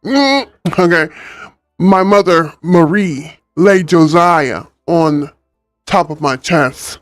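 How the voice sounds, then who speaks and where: A man's voice: on the high side, lively intonation, slow pace, no room sound, studio quality, faint music behind. A man chatting and reading a book aloud on a livestream, laid-back and ad-libbing. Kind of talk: casual livestream story reading.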